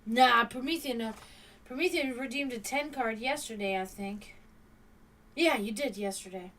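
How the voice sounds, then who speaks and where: A tired woman streamer with a bright, slightly high voice chats with her viewers, giggling often and swearing freely. She sits a little back from the mic, and a faint hiss runs underneath. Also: normal speed. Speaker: live streamer reading chat. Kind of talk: casual live-stream chat. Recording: distant mic with faint background noise.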